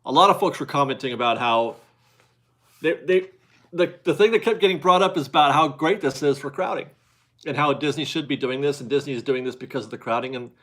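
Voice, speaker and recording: A man's voice: a little high, brisk, a bit bright. A man hosting a casual live stream, chatting loosely with viewers, rambling and laughing as he talks. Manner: rambling, chatty, laughs often, restarts sentences. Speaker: livestream host reading viewer chat.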